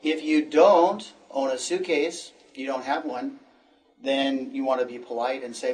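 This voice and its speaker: A man teaching an English lesson, encouraging and repeating phrases slowly for learners. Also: mid-range voice, fairly even intonation, a little mellow, recorded from a distance, slight background noise.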